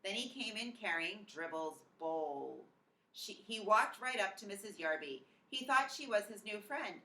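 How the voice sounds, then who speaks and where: A woman teacher reading a children's chapter book aloud in an expressive storytelling manner. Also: on the high side, moderate pace, distant mic. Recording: echoey room, off-mic.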